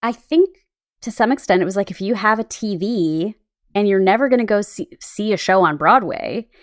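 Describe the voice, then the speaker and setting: A woman co-hosting a podcast in casual chat, animated and rambling, often laughing. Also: mid-range voice, moderate pace. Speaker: podcast co-host. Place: Los Angeles.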